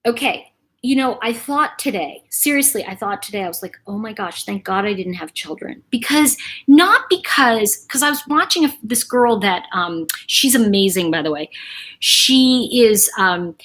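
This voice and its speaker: A woman's voice: fairly high pitch, lively intonation, a little slow, a bit bright. A middle-aged woman hosting a casual live chat, talking in a rambling, chatty way to her viewers. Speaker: livestream host.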